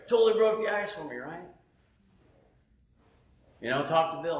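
A man giving a casual, animated sermon testimony from home, often saying "man" and "right?". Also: fairly high pitch, normal speed, long pauses, roomy sound, a little hiss or hum. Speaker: preacher.

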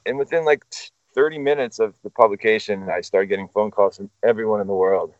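A man's voice: lowish voice, fairly quick, no echo. A man telling a story as a guest in casual chat, swearing freely and rambling off on tangents. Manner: profane, animated, rambling. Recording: dull lo-fi sound, dry.

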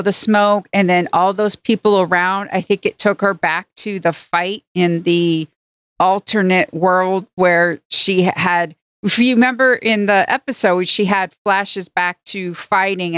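Woman co-host, lowish smooth voice, earnest recap, dry sound. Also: fairly even intonation, measured pace, a bit bright, dry recording. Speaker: podcast co-host. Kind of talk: casual chat.

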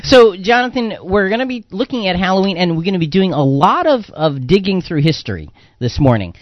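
A man's voice: high voice, big pitch swings, brisk, no room sound, highs cut off. A man hosting a Christian radio talk program in casual chat, rambling and repeating words with many fillers. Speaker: radio talk show host.

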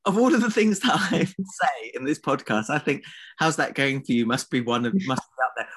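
A man's voice: mid-range voice, lively intonation, moderate pace, a bit bright, husky. A man co-hosting a podcast, bantering casually with a playful, teasing manner. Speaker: podcast co-host.

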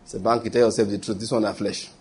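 A middle-aged man with a Nigerian accent, preaching a sermon and telling lively stories with acted quotes. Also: on the low side, quick pace, slightly rough. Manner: animated storytelling preaching with acted quotes and pidgin asides. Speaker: pastor.

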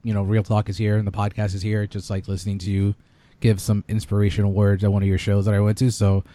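A man's voice: lowish voice, monotone, quick pace, warm tone. A man co-hosting a podcast in casual chat, joking and swearing freely. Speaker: podcast co-host.

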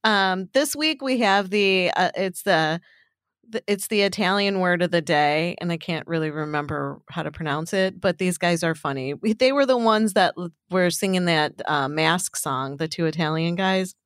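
A woman's voice: lowish voice, moderate pace, dry recording, clean studio sound. A woman hosting a podcast in casual chat, full of "like" and "um". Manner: chatty, lots of "like" and "um". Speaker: podcast host.

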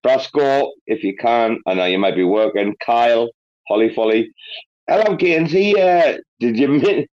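Excitable man hosting. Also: mid-range voice, normal speed. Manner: excitable, swears a lot, hypes people up. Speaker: host. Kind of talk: casual chat. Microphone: online audio call. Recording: slightly dull online audio.

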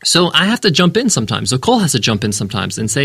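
A man's voice: mid-range voice, big pitch swings, racing, vocal fry, fairly bright tone, slightly rough, dry recording, studio quality. A man hosting a business podcast, answering a listener's question in an earnest, emphatic way and repeating words for stress. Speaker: podcast host and business founder.

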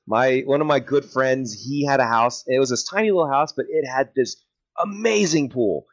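A man's voice: mid-range voice, normal speed. A man being interviewed as a podcast guest in casual chat. He rambles, restarts his sentences and giggles often. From South Texas. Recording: dull lo-fi sound.

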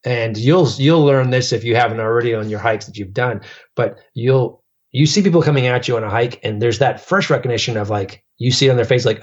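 A man's voice: mid-range voice, fairly quick, dull audio. A man telling long stories in casual chat as a podcast guest, rambling with many fillers and restarts.

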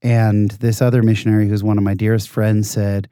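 Mellow-voiced man telling lively anecdotes. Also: fairly low pitch, brisk, few pauses, smooth, no echo, studio quality. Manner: animated anecdotal storytelling, self-deprecating. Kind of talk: casual conversation.

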